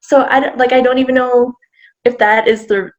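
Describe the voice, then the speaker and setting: A woman as a guest in a casual interview, explaining things in a gentle way. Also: on the high side, fairly even intonation, moderate pace, dull audio.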